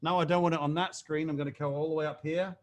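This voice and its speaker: A man's voice: on the high side, steady tone, quick pace. A middle-aged man hosting a team video call, upbeat and chatty, with self-mocking jokes and frequent fillers. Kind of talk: energetic video call pep talk.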